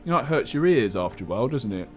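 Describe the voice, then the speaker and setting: A man's voice: mid-range voice, very animated, very fast, darkish tone, faint music behind. A man hosting a livestream, chatting casually and bluntly, laughing easily and swearing now and then. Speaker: livestream host. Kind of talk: casual chat. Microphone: headset.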